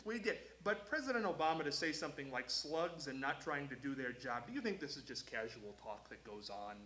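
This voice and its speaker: A man's voice: on the high side, brisk, roomy sound, a little hiss or hum, low-quality recording. Storytelling male talk show host. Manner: storytelling, animated. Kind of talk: casual talk show chat.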